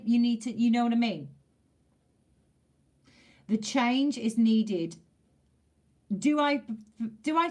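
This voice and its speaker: With a mid-range, darkish voice, a woman delivers a casual tarot reading to camera. She speaks emphatically, repeats phrases for emphasis and lets the odd mild swear word slip.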